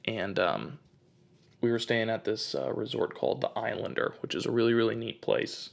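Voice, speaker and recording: A man's voice: on the low side, moderate pace, vocal fry. A man in his twenties from the United States, hosting a casual comedic rant and rambling through his stories with plenty of fillers. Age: 20s. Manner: rambling storytelling, lots of fillers. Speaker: host.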